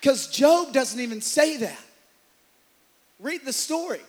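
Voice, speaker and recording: A man preaching a sermon as pastor, swinging from loud, driven passages to hushed ones. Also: extremely high pitch, big pitch swings, slow pace. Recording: long hall reverb.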